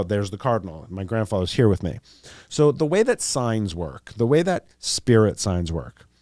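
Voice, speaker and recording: A man's voice: fairly low pitch, a little mellow, no room sound, clean studio sound. A young man, hosting a podcast in a loose, rambling monologue with joking asides. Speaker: podcast host. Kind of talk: casual monologue.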